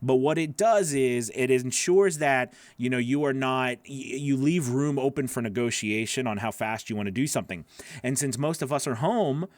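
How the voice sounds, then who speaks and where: A man's voice: mid-range voice, moderate pace, no room sound. Chatty male coach, dry close sound. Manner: casual, encouraging, repeats phrases with many fillers. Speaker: voice-over coach. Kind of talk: live critique of freelance gig pages. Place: home.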